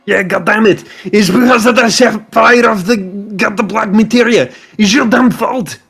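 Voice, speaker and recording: A man's voice: high-pitched, moderate pace, vocal fry, a bit bright, husky, faint music behind, exaggerated voice. A man voicing a hot-tempered burly rebel leader in a fan-voiced game playthrough, blunt and cursing. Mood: angry. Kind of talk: fan voice acting over a game.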